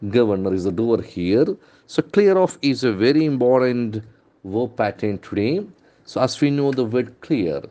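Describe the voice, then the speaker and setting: An English trainer with an Indian English accent runs a pronunciation lesson built on newspaper headlines, slowly repeating words and spelling them out letter by letter. His medium-pitched voice is animated and dark in tone, though the recording sounds muffled.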